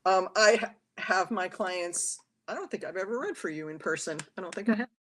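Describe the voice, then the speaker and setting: A woman with a somewhat low voice talks freely as a guest in an interview. She reads tarot and tells her stories with lively acted-out quotes. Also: fairly quick. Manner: talkative, animated storyteller who acts out quotes. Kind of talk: casual interview chat.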